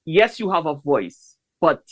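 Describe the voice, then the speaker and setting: A man's voice: on the high side, very animated, unhurried. A man hosting an interview, rambling and repeating words while encouraging his guest. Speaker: podcast host. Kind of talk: casual interview talk.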